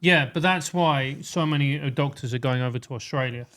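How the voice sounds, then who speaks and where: A man hosting a podcast in casual chat, easygoing and quick to laugh. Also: mid-range voice, fairly bright tone. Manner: easygoing, quick to laugh, reads listener letters. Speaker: podcast host.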